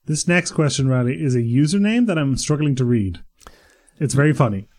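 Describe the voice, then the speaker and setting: A man from Eastern Europe co-hosting a casual podcast, full of wry, quick asides. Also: medium pitch, expressive, darkish tone. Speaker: podcast co-host.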